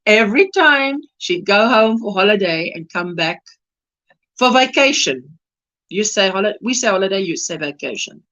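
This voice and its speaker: A woman's voice: medium pitch, lively intonation, moderate pace, a bit bright, highs cut off. A South African woman hosting a crochet livestream, chatting casually and reading out and greeting viewers' comments by name.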